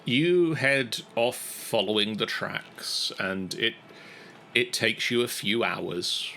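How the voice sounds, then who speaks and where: A man narrating a tabletop game as game master, unhurried and gently amused. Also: on the low side, creaky, a little hiss or hum, poor audio.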